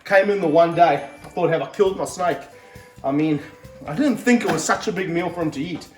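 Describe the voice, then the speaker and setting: Excitable snake handler, roomy and distant. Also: male voice, a little high, brisk. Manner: energetic, exclaiming, coaching a helper. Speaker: snake handler and wildlife vlogger. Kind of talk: excited hands-on wildlife vlog. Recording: roomy sound, mic held off at a distance, faint music behind.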